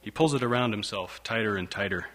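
A man's voice: on the low side, fast talker, a bit bright. Man narrating a wry audiobook.

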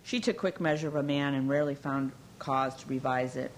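A woman with a low, grounded voice reads a novel aloud. Her storytelling is measured and even, in scripted narration. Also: a little hiss or hum, poor audio. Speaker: audiobook narrator.

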